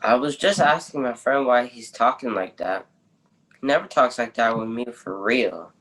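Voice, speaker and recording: A man's voice: medium pitch, normal speed, fairly bright tone, lightly acted, poor audio. A teenage boy playing a laid-back, stubborn teenage boy who talks in casual street slang, in an improvised stage scene. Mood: earnest. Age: teens.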